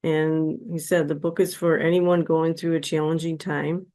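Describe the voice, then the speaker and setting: A woman guest on a podcast, telling a personal story in a slow, earnest, heartfelt way. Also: low-pitched, level tone, darkish tone.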